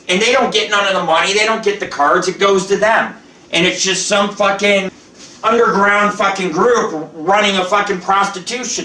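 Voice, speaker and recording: A high-voiced man with a bright, edgy tone rambles and swears as he hosts a live cooking show from his kitchen. He sits back from the mic in a roomy, echoing space. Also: far from the mic. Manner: profane, boastful, rambling. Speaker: show host. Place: home kitchen.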